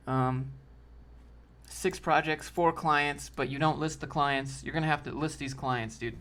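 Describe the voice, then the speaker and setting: A man's voice: fairly high pitch, steady tone, unhurried, a bit bright. A man hosting a casual livestream, answering chat in a loose, slangy way and calling people dude and bro.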